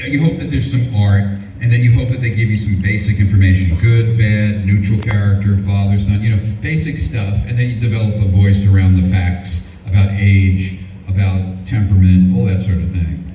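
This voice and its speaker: A man's voice: lowish voice, fairly even intonation, normal speed, mellow, a little hiss or hum. An older man who is a voice actor, answering fans at a convention panel with jokes and self-deprecating stories. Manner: joking, self-deprecating storyteller. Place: large convention panel hall. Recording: echoey hall, speaker far from mic.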